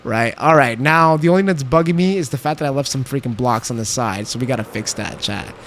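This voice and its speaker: A man's voice: mid-range voice, fast talker, fairly bright tone, a little hiss or hum. A young man streaming a game, chatting casually and talking back to his chat while he builds. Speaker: livestreamer.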